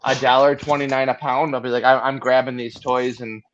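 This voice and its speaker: A man explaining his toy scenes on a casual online call, halting, with many restarts and fillers. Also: medium pitch, flat delivery, fairly bright tone, lo-fi sound. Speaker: guest showing his toy diorama.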